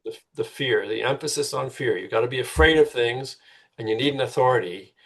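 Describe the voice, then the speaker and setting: A man's voice: mid-range voice, a little fast, fairly bright tone, husky. A middle-aged man, a guest author in a conversational podcast interview, making his points earnestly and repeating words as he builds them.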